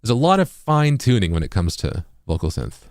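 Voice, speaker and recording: A man with a very deep, low voice walks through a tutorial in a casual, explanatory way. He often checks in with "right?" The sound is dry and close, with no room echo. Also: sing-song, fairly quick, a little mellow. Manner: explanatory, keeps asking "right?". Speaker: music producer.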